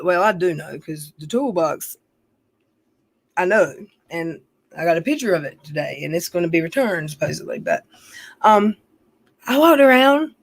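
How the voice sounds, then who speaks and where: A middle-aged woman, chatting casually on a livestream, rambling, venting and swearing as she reads her chat. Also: medium pitch.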